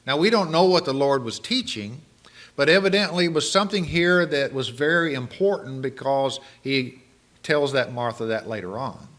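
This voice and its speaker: A male preacher giving a sermon, animated and full of rhetorical questions to the congregation. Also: on the high side.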